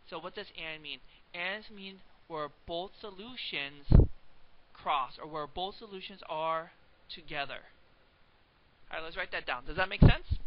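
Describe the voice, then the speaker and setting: Young male math teacher, playful and chatty, slightly raised pitch, lo-fi webcam sound. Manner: chatty, joking, asks the viewer questions. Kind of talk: casual classroom lecture. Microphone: webcam microphone. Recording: dull lo-fi home webcam recording with faint hiss.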